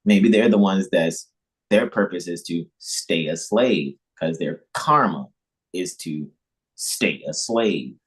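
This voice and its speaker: A man with a husky, somewhat low voice leads an informal spiritual lecture. He talks emphatically and circles back over his own phrases, restarting sentences as he presses each point home. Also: slow pace, poor audio. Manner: emphatic, repetitive, lecturing with frequent restarts and chuckles; mimics imagined listeners in high mocking voices. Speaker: spiritual teacher hosting a devotional livestream.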